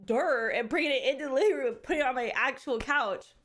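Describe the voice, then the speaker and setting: A woman streamer chatting casually with her viewers, animated and candid, often laughing and swearing freely. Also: high voice, fast. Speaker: live streamer.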